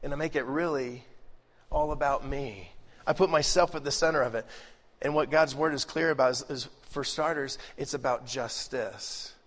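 A middle-aged male pastor preaching a lively, joking sermon, swinging between loud bursts and hushed asides. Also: medium pitch, normal speed. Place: large church hall. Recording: live sermon with long hall reverb.

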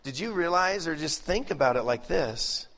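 Animated preacher in a reverberant hall. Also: male voice, on the high side, normal speed. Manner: animated, joking, swings between loud and hushed. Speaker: pastor. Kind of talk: sermon. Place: large church hall. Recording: live sermon with long hall reverb.

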